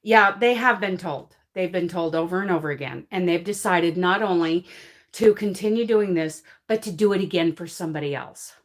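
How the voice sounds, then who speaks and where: A woman with a lowish voice, speaking at a normal speed, hosts a casual crochet livestream and responds to viewer comments. She's emphatic and emotional, frequently apologizing and laughing between points.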